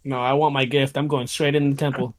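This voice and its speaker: A man's voice: mid-range voice, flat delivery, a little fast. A man playing a tabletop game, asking direct, eager questions. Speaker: player.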